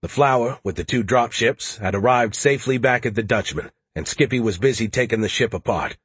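A man's voice: medium pitch, fairly quick, a bit bright, breathy edge, no room sound. A man narrating a first-person audiobook with a wry, dry-humored delivery.

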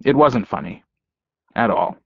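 A man reading a first-person novel aloud in a wry, deadpan way. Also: medium pitch, unhurried, vocal fry, no room sound, lo-fi sound. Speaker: audiobook narrator. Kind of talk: first-person audiobook narration.

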